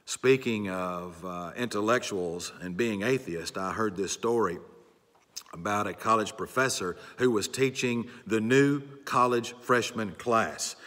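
A pastor preaching earnestly and circling back to his key phrases. His mid-pitched voice is bright and forceful. It rings in the long reverb of a church sanctuary. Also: unhurried. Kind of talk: sermon.

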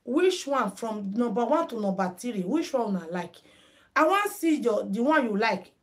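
A woman's voice: a little high, very animated, normal speed. A Nigerian woman hosting a live headwrap tutorial stream, chatting casually with viewers and mixing in Pidgin. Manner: chatty, mixes Pidgin, greets viewers by name. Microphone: phone.

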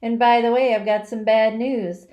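A woman voicing a bloated, sneering male rat with a husky, hoarse voice. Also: fairly high pitch, fairly even intonation, normal speed, lo-fi sound, natural voice. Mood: gloating.

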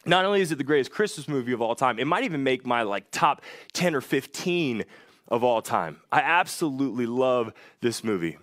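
A man's voice: mid-range voice, sing-song, brisk, a bit bright, dry recording, studio quality. A man giving a guest sermon in an enthusiastic, conversational way, with playful asides to the congregation. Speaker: guest speaker. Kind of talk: sermon retelling a movie.

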